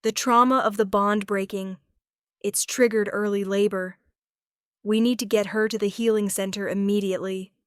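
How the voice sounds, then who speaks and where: A woman's voice: medium pitch, fairly even intonation, normal speed, clear, resonant tone, dry recording, clean studio sound, close to an everyday voice. A woman voicing an urgent pack healer. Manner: urgent, pleading.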